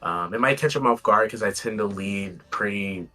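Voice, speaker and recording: A man with a low voice, speaking as a guest in a laid-back strategy chat. He is relaxed and hesitant, pausing on fillers and letting sentences trail off. His delivery stays easygoing throughout. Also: soft background music.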